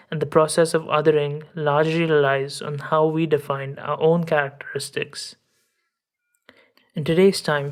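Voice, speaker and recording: A woman podcast host reading a scripted essay in a measured, academic way. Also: low voice.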